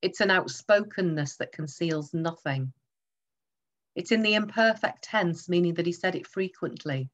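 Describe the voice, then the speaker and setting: A woman's voice: on the low side, normal speed. A woman preaching a sermon, emphatic and teaching through rhetorical questions.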